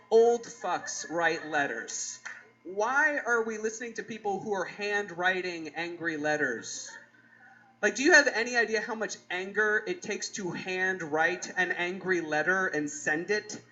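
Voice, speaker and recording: A man's voice: sits high, measured pace, bright, forceful tone, low-quality recording. A man doing a stand-up comedy set on a club stage, ranting loosely with plenty of swearing. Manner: loose, swearing, mock-outraged rants.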